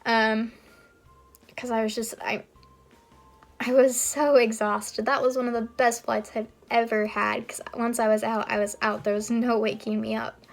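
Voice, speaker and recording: A woman's voice: a little high, flat delivery, unhurried, soft background music. A young woman vlogging, telling a personal story in a casual, rambling way with frequent fillers. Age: young adult. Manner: chatty, rambling with frequent ums and likes.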